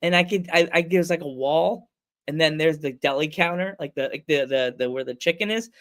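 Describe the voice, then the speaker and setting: A man's voice: fairly high pitch, brisk. A man hosting a podcast, telling a story in casual chat, acting out other people's voices and laughing often. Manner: animated storyteller, acts out voices, laughs a lot. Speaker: podcast host.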